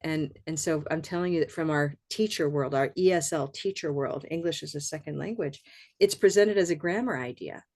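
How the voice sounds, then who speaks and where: Chatty female ESL teacher with a low voice, explaining over a video call. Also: fairly quick, a little mellow. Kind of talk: conversational teaching talk.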